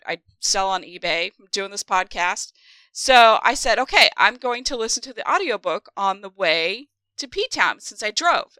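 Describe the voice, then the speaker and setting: A woman co-hosting a podcast, chatting casually as an animated storyteller. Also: medium pitch, smooth, no room sound. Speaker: podcast co-host. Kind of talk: casual podcast chat about a book.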